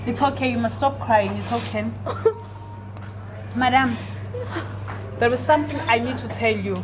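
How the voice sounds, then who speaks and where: A woman's voice: on the high side, normal speed, noisy background. A woman playing a waiter, soothing and repeating reassurances in a scripted skit.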